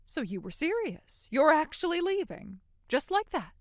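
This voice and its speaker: In a dramatic voiced story, a woman plays a condescending, manipulative middle-aged mother talking down to her daughter, her tone cold and her manner condescending before turning gushing and pushy. Her pitch is lively, swinging high and low from a slightly above-average base, at a moderate pace. The sound is dry and close to the mic, with no room sound.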